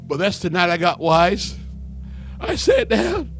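A man preaching a sermon, telling his conversion story and building from quiet storytelling to shouted fervor. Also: high voice, huge pitch swings, measured pace, faint music behind. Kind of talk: sermon testimony.

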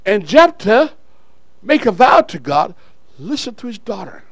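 A male pastor preaching a sermon in an animated way, shouting at some points, dropping low at others and chuckling at his own asides. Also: unhurried, dry recording, rough recording.

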